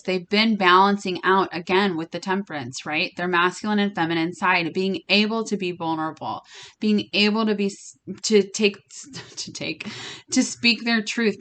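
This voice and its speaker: A woman's voice: medium pitch, bright, forceful tone. A young woman giving a casual spiritual card reading to her viewers. She talks bluntly and emphatically, swearing freely as she speaks straight to the listener. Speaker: tarot reader.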